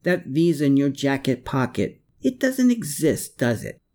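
A man's voice: medium pitch, big pitch swings, a little slow, a little mellow, pitched above the performer's own voice. A man reading aloud, voicing a guilt-haunted, defiant man who cries out his lines. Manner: crying out, pleading.

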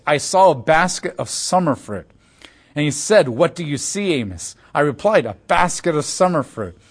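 A man with a slightly higher-than-average voice leads a verse-by-verse Bible lesson. He keeps it conversational and explanatory, dropping into quick playful voices to act out examples. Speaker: Bible teacher.

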